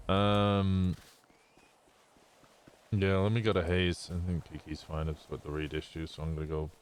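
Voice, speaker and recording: A man's voice: deep voice, creaky. A man streaming a roleplay game, chatting casually in character and laughing through his own stories. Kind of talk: casual in-character chat and storytelling.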